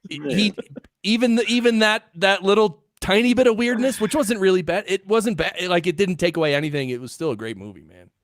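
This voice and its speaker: Eager, chatty man, slightly high voice. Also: animated, fairly quick, no room sound, studio quality. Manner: eager, chatty, asks questions. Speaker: podcaster on a livestream panel. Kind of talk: casual chat.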